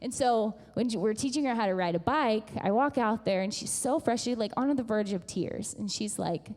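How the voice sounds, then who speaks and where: A woman in her thirties preaching a sermon as pastor, telling stories with lively acted-out voices. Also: on the high side, normal speed, hardly any pauses. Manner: animated storytelling, acts out voices. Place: church sanctuary. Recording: long church hall reverb.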